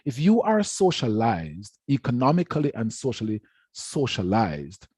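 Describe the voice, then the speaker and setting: A man's voice: mid-range voice, huge pitch swings, measured pace, a little mellow, breathy edge, dry recording, clean studio sound. A man giving a formal lecture on education, speaking emphatically and repeating words to stress his points. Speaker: education researcher giving a talk.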